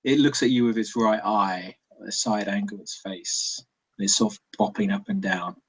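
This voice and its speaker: A man running a tabletop role-playing game, narrating scenes haltingly with many restarts. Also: fairly low pitch, breathy edge, rough recording. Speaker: game master.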